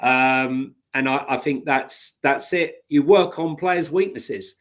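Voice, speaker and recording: A man co-hosting a football podcast, talking through his views in a measured way with fillers. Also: mid-range voice, fairly bright tone. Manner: measured, thinking aloud with fillers. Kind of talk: casual chat.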